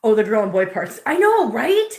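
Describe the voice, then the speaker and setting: A woman's voice: sing-song, moderate pace. Chatty woman in an echoey room. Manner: chatty, coos at the cats in a high sing-song voice. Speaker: host. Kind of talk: casual livestream chat. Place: home room full of cats. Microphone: laptop mic.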